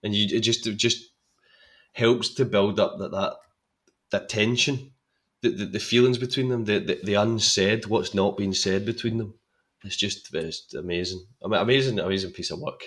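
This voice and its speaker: Enthusiastic man, fairly low voice. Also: moderate pace, a bit bright. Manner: enthusiastic, with many restarts and repeated words. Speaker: actor, podcast guest. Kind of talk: casual film-discussion chat.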